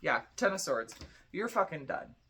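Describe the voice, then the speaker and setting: A woman's voice: low voice, sing-song, moderate pace, bright, forceful tone. A tired young woman giving a casual tarot reading, chatty and blunt, swearing freely. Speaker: tarot reader.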